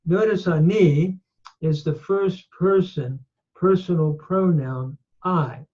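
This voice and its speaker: A man teaching Hebrew grammar from scripture, speaking slowly and deliberately and pausing over each word and its form. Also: on the high side. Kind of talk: slow, deliberate recorded lecture. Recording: dull lo-fi recording.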